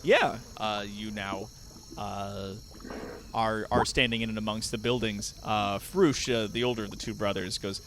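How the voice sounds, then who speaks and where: A man narrating a tabletop game as game master, animated and quick to laugh, with many fillers. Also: fairly low pitch, slight background noise.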